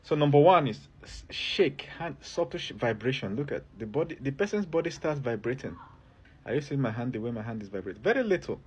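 A man with a mid-range, darkish voice and lively intonation talks briskly in a direct-to-camera advice video, with a little hiss or hum in the background. He's a herbalist, and he repeats his health tips emphatically while constantly asking viewers to look and listen.

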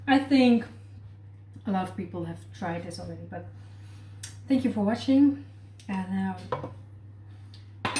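Woman, home-cooking vlogger, unhurried chatty delivery, roomy kitchen sound. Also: mid-range voice, darkish tone, a little hiss or hum. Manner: chatty, thinks aloud while tasting. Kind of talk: casual cooking vlog chat.

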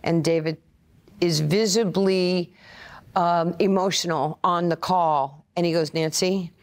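A woman's voice: on the low side, slow. Older New woman telling stories. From Brooklyn, New York. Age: 60s. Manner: animated storyteller acting out quoted voices. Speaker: interview guest, former player and coach. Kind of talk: conversational storytelling.

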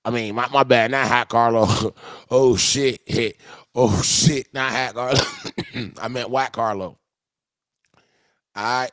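A man's voice: mid-range voice, unhurried, long pauses, no echo, studio quality. Profane joking livestream music reviewer man. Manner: profane, joking, bursts of loud mock voices. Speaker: live music review streamer. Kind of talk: loose livestream banter with chat.

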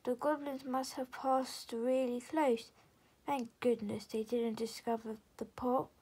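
A woman's voice: a little high, flat delivery, a little slow, darkish tone, husky. A woman voicing two small, kind fairy sisters in a storybook reading. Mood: anxious.

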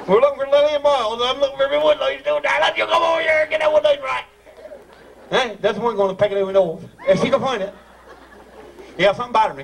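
A man's voice: very high voice, a little fast, vocal fry, pauses often, slight background noise. A man with a Newfoundland accent emceeing a live community ceremony, joking and teasing in broad dialect. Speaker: master of ceremonies. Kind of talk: live comic emcee patter. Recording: distant mic over a crowd.

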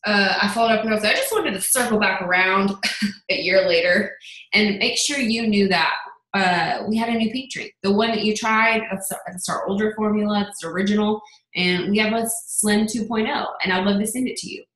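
A young adult woman giving a chatty motivational talk on a sales team call, telling stories with lively quoted asides. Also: mid-range voice, a little fast, echoey room, rough recording.

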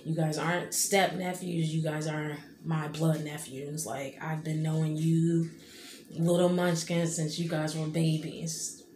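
Tearful woman vlogger, thirties, rambling fillers, echoey room, steady noise behind. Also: sits low, unhurried. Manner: rambling, many fillers and "you know what I mean". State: tearful, emotional. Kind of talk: casual heartfelt vlog talk.

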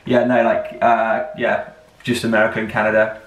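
A man's voice: fairly low pitch, completely flat delivery, normal speed, fairly bright tone. A young man hosting a reaction video, talking in a rambling, slangy, upbeat way. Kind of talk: casual reaction vlog chat. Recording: roomy, distant mic.

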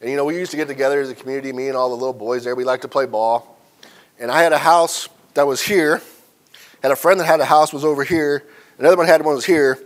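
A man's voice: medium pitch, steady tone, fast talker. A man from central Illinois teaching a church Sunday school lesson, telling folksy stories and asking the class questions. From central Illinois, USA.

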